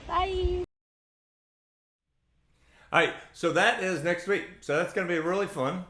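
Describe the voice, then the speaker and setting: A man's voice: high-pitched, unhurried, reverberant, soft background music. A man from Central Florida hosting a ukulele play-along show, chatting casually between songs with lots of ums and uhs. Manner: relaxed, rambling, many ums and uhs.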